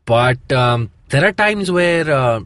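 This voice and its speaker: Podcast host, man from India, relaxed rambling delivery, mid pitch. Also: takes it slowly, dry recording. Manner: easygoing, rambling with fillers. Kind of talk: casual chat.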